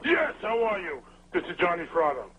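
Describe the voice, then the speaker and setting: A man on a phone call putting on a gruff voice to play a threatening tough-guy businessman who trades insults. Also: high-pitched, big pitch swings, brisk, slight background noise. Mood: menacing. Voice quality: gruff put-on voice. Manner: insulting, trash-talking. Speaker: caller. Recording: dull phone line.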